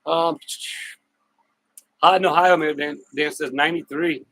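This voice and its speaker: A man hosting a casual outdoor live stream, greeting viewers by name in a chatty, upbeat way with drawn-out shout-outs. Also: fairly high pitch, fairly even intonation, no echo, poor audio. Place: outdoors on a hot day with a fan.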